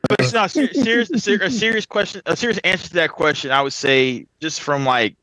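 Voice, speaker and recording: A man's voice: high-pitched, brisk, dry recording, low-quality recording. A man in casual podcast chat, telling a story with lots of "like" and "um" and frequent laughter. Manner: animated, laughs often, fillers like "like" and "um". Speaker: podcast guest, pro wrestler.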